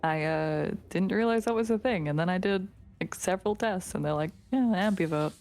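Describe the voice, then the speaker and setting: A tired woman streamer chatting casually with viewers, laughing often and slipping into soft whispers. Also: lowish voice, brisk. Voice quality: tired, giggly. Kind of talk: casual chat reading viewer comments.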